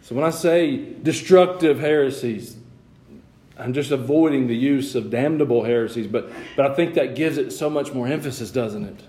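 A man's voice: medium pitch, normal speed, mellow. A man in his thirties preaching a sermon in a church sanctuary, chatty with joking asides, building to emphatic passages. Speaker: pastor. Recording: echoey church room.

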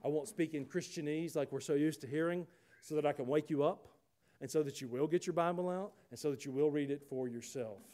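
A man's voice: on the high side, fairly quick, mellow. A man preaching a sermon, folksy and conversational, rising to emphatic rhetorical questions. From United States. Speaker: pastor.

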